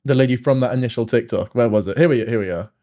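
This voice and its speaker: A man's voice: medium pitch, quick pace, warm tone. A man giving casual reaction commentary, swearing and laughing often. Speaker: streamer reacting to videos.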